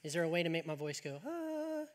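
A man's voice: fairly high pitch, little pitch movement, racing. A man preaching a sermon as pastor, in a folksy way, with joking asides to the congregation in church. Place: church sanctuary. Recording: church hall reverb.

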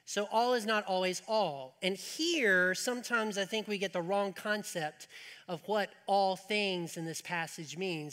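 Pastor preaching a sermon, high bright voice, folksy with jokes, long church-hall reverb. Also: male voice, measured pace. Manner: folksy, joking asides to the congregation. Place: church sanctuary.

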